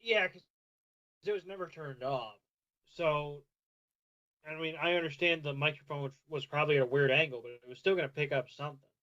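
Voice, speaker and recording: A man's voice: on the high side, a little fast, pushed and bright, lo-fi sound. A man co-hosting a podcast, chatting about a cartoon in a laid-back, matter-of-fact way. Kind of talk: casual podcast chat.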